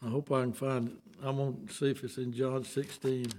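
A man's voice: mid-range voice, little pitch movement, fairly quick, dark tone. An older man with a Southern US accent preaching a sermon, folksy and emphatic, with homespun asides.

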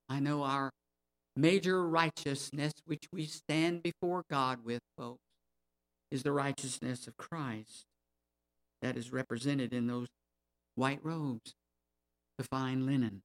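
Male preacher, slow and emphatic, reading scripture in a sermon, middle pitched voice. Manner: slow, emphatic, rising in force on key words.

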